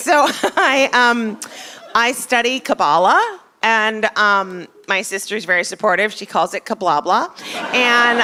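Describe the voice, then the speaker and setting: A woman's voice: medium pitch, sharp tone. A middle-aged woman doing a stand-up set in a comedy club, chatty and self-mocking, acting out bits of dialogue. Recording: live club, crowd laughter and noise.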